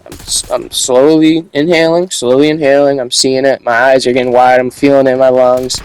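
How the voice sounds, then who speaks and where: A young man tells a story in a loose, casual monologue. He rambles, repeats himself and restarts his sentences, and his slangy talk sits at a middle pitch for a man. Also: level tone, moderate pace, a little mellow, clean tone, low-quality recording.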